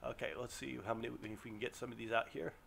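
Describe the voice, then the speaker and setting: A man commentating his own gameplay, excitable, yelping and groaning as things go wrong. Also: mid-range voice, quick pace, gravelly. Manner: excitable, yelps and groans at setbacks. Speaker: let's play gamer. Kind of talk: live game commentary.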